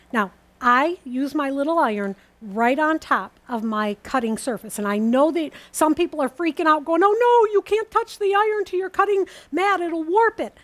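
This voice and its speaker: A woman demonstrating quilting, calmly and methodically explaining each step as she sews. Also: a little high. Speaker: quilting teacher.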